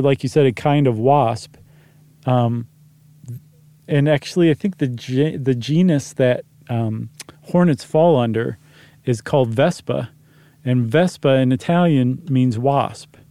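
A man with a mellow, warm voice co-hosts a podcast in relaxed, rambling conversation, leaning on "um" and "like" as he thinks aloud. His voice is close and dry on a studio microphone. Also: mid-range voice, slow pace, no room sound. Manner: easygoing, rambling, many fillers. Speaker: podcast co-host. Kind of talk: casual chat.

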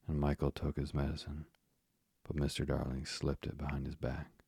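Deep dark-voiced guy reading a storybook, slow and steady, gravelly, dry close sound. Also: no room sound. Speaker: narrator. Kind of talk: storybook narration.

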